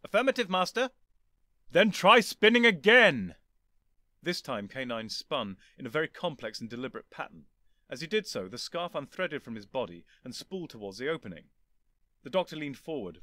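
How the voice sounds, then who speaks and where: A man reading a story aloud as narrator, in a lively, expressive storytelling manner. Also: mid-range voice, a little fast, no room sound, studio quality. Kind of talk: scripted audiobook narration.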